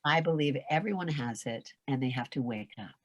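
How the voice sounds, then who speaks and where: An older woman, a veteran performer, tells a story in a podcast interview with a rumbling low voice, lively intonation and a slightly fast pace. She dramatically acts out the voices and shouts through her anecdotes, swearing casually and candidly. The recording has no echo, and the highs are cut off.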